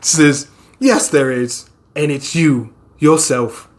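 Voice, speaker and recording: A man casually reacting to a manga chapter, swearing freely and hamming up the characters' lines in quick put-on voices. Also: on the high side, steady tone.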